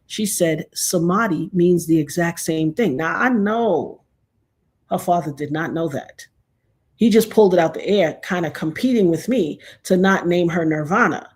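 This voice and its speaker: A middle-aged woman telling a personal story in a casual, animated way, acting out the other people's lines as she goes. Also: fairly low pitch, normal speed. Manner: animated, acts out quoted dialogue.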